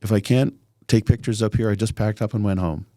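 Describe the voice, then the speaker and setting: A middle-aged man with a dry, raspy voice, a city councillor chatting casually and joking on a podcast. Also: fairly low pitch, steady tone, brisk, dark tone, no room sound. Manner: easygoing, joking, talks in loose rambling phrases.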